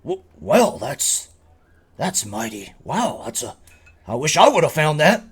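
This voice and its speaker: A man's voice: a little high, very animated, measured pace, breathy edge, voice pushed up, full character voice. A man voicing a polite male innkeeper who is sly about money and speaks with genteel, old-fashioned phrasing. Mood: evasive.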